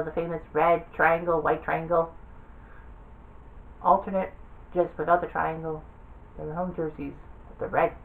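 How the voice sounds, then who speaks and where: A woman with a fairly low voice offers offhand, rambling commentary as she browses a game, thinking aloud along the way. She's a gaming video creator, and the audio quality is poor.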